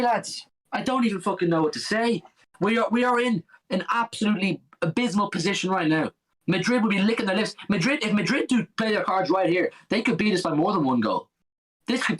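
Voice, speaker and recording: A man's voice: high voice, fairly bright tone, low-quality recording. A young man co-hosting a live football watch-along, ranting furiously and swearing constantly at his team.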